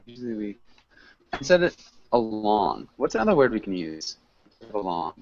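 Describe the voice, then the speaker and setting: A man teaching an online English class, correcting students patiently and clearly. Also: fairly low pitch, big pitch swings, moderate pace, darkish tone. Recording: muffled lo-fi call audio with faint hiss.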